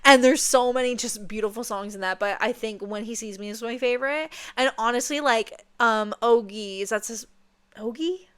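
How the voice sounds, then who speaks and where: A woman's voice: on the high side, normal speed, fairly bright tone, clear, resonant tone. A young woman chatting playfully while seated, often checking in with "okay?". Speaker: vlogger. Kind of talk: casual chat.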